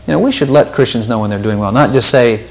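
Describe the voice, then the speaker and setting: A man with a mid-range, creaky voice talks fast as he leads a relaxed Bible study. He thinks out loud, repeats words, and raises his voice whenever he quotes scripture.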